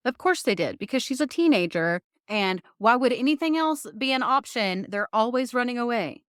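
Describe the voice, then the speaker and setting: A woman's voice: on the high side, expressive, moderate pace, smooth, dry recording, studio quality. A woman co-hosting a true crime podcast, chiming in with indignant, sympathetic remarks in casual chat. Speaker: podcast co-host.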